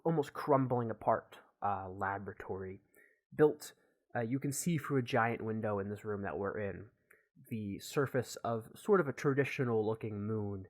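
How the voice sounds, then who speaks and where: A man narrating as game master, describing scenes in a halting way with many fillers. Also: on the low side. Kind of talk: improvised tabletop narration.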